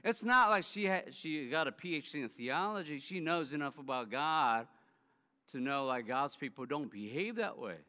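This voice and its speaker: A man's voice: mid-range voice, expressive, moderate pace, pushed and bright. A man preaching a sermon as a pastor, telling stories emphatically and acting out what people said. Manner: emphatic storytelling that acts out quoted speech. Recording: long hall reverb.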